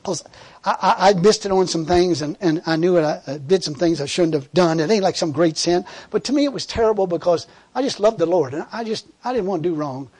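A man's voice: high-pitched, fairly quick, darkish tone, breathy edge. A man preaching a sermon in a fervent, conversational way, repeating words and laughing as he tells a story.

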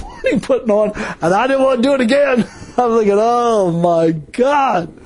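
A man's voice: high voice, darkish tone, breathy edge, poor audio. A man preaching a folksy testimony sermon, telling his story casually and chuckling often as he goes. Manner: casual colloquial speech.

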